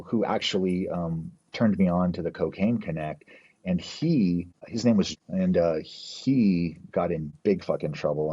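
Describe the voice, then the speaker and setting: Deep, husky man telling a rambling story. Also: mellow. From New Mexico, US. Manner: rambling, profane, fills with "like" and "you know"; acts out quoted people in his story. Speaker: podcast guest. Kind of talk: casual storytelling. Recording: slightly dull, muffled podcast audio.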